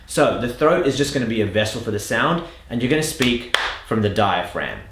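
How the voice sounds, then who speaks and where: A man teaching an accent lesson as a coach, explaining drills with an emphatic, lively delivery. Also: mid-range voice, brisk, noisy background. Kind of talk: instructional lesson. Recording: echoey room.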